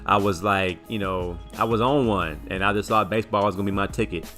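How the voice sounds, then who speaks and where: A man with a low, bright and forceful voice, speaking as he tells a rambling story on a sports talk show. He repeats words as he goes and gets animated. Faint music plays behind him. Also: fairly quick. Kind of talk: casual storytelling chat.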